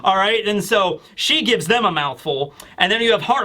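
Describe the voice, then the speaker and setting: A man's voice: very high voice, very animated, moderate pace, pushed and bright. A young man giving a casual, rambling manga chapter recap, animatedly acting out quoted lines. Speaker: manga review YouTuber.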